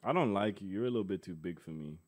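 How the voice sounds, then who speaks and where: A man's voice: low-pitched, expressive, quick pace. A man, a streamer chatting with strangers in a brash, teasing way, swearing often. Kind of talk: provocative casual chat.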